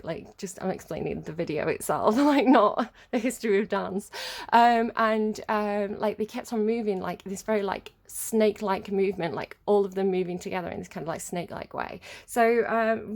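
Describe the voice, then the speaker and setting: A woman's voice: medium pitch, moderate pace, gravelly. A young woman giving a casual tarot reading, rambling and chatty, full of filler words. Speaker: tarot reader.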